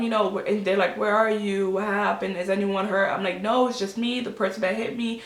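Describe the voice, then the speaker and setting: A woman's voice: mid-range voice, fairly quick, few pauses. Chatty young woman retelling a story, echoey room. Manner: animated, acts out quotes, many fillers. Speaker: vlogger. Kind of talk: storytime vlog.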